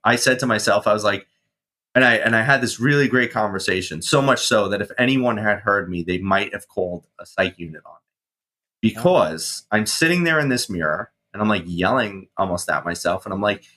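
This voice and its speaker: A man in his thirties, a guest on an interview show, telling his story casually with swearing and animated reenactments of his past self. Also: on the low side, moderate pace. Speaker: guest, mindset coach and firefighter.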